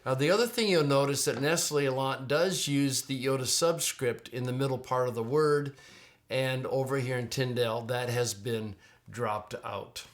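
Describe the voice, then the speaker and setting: A man's voice: mid-range voice, moderate pace. A middle-aged man teaching, walking through a Greek text on screen in a casual, conversational way, often restarting words and using fillers.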